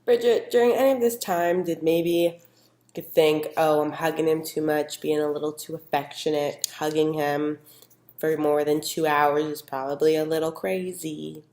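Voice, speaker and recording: A woman's voice: sits low, steady tone, normal speed, a little mellow. A young woman playing a clingy, gossipy girlfriend who talks casually with lots of "like" fillers, recorded in an echoey room. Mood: confiding. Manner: casual, valley-girl "like" fillers. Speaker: interviewee in a mock news segment.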